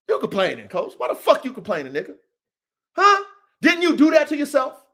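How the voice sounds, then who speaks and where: High-voiced man preaching on a podcast. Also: wildly swooping pitch, brisk. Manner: profane, preachy, swings from low mutters to shouts. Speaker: podcast host. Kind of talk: motivational podcast monologue.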